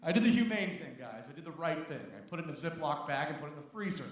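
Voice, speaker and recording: A man's voice: a little high, expressive, rapid-fire, heavy background noise. Rambling male stand-up in an echoey club. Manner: rambling, self-mocking, with crude jokes. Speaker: stand-up comedian. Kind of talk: stand-up set. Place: comedy club stage before a live audience. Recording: roomy, distant live club recording.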